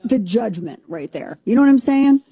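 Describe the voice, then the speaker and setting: A woman in her forties from Southern Missouri, co-hosting a casual talk show and telling a family story with lively, joking asides. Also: a little high, normal speed, breathy edge, dry recording. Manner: animated, jokey, talks over herself. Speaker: show co-host.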